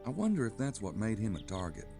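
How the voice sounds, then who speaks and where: A man's voice: fairly low pitch, huge pitch swings, fast, gravelly, over music, heavily acted. An actor voicing a wry adult male detective in a video game, with dry asides. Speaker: game protagonist.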